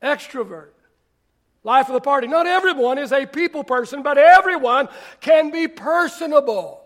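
Here a male pastor delivers his sermon at normal speed, his very high-pitched voice expressive throughout. He repeats phrases for emphasis, sometimes shouting and sometimes sinking almost to a murmur.

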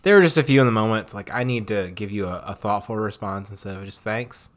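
A man's voice: on the low side, quick pace. A man co-hosting a casual chat podcast, laid-back with dry asides. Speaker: podcast co-host.

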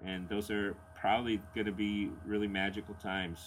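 Middle-aged man, blues radio host, low voice, casual rambling letter answers. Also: little pitch movement, normal speed, slight background noise. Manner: rambling and candid, with frequent fillers and chuckles.

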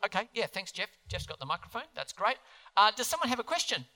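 A man preaching a sermon as pastor in a church, earnest and animated, putting questions to the congregation. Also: sits high, fast talker. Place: church hall. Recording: long hall reverb.

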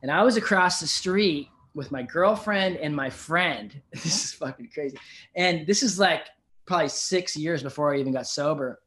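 Telling a personal story as a guest on a podcast, a man whose voice is on the high side talks casually and animatedly. He curses freely and often throws in "you know what I mean."

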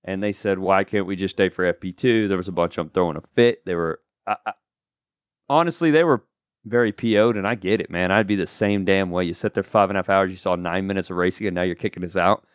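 A man's voice: low-pitched, fast talker, clear, resonant tone, no room sound, studio quality. A man co-hosting a casual podcast chat, rambling with lots of asides and fillers. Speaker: podcast co-host.

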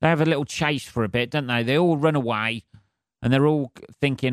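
A man's voice: medium pitch, brisk, clean tone, no room sound. A man riffs alone on his podcast, swearing freely and keeping a wry, rambling tone. His voice sits mid-range for a man. It is recorded close on a mic, dry and with no room around it. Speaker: podcast host. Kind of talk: rambling comic monologue.

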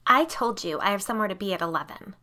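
A woman's voice: medium pitch, fairly quick, sharp tone, natural voice. A woman voicing a haughty, snappish wealthy suburban mom who talks in curt, bossy bursts. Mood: snippy.

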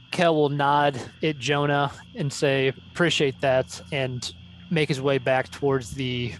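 Wry man playing a tabletop game. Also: medium pitch. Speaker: player. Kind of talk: in-character tabletop play.

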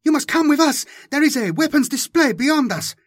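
Man doing a shouting young alien girl cadet. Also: very high voice, expressive, normal speed, dry recording, clean studio sound, voice pushed up. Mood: urgent. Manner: shouting urgently. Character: young female alien cadet, urgent and bold.

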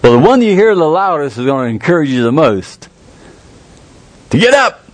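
A man preaching a sermon in a folksy, earnest way, jumping up in pitch to stress a point. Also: big pitch swings, darkish tone, no room sound. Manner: folksy, earnest, with quick rises in pitch for emphasis.

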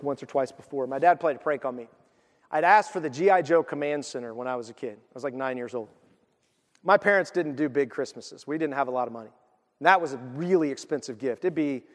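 A man preaching a sermon, telling a personal story and swinging from loud excitement to hushed emotion. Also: a little high, long reverb tail. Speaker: pastor.

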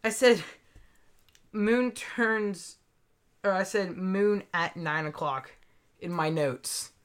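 Woman, mid-pitched, slow and halting co-host in relaxed chat. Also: clean tone. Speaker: podcast co-host. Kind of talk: casual chat.

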